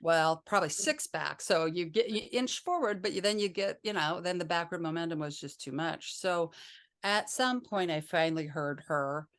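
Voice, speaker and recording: A woman's voice: on the low side, animated, moderate pace, a bit bright. A woman talking as an interview guest, rambling and hesitant, with many restarts. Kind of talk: conversational interview.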